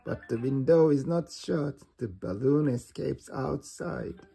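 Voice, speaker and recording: Slow, husky male reader for a kids' storybook, faint music behind. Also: mid-range voice, warm tone. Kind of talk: reading a storybook aloud.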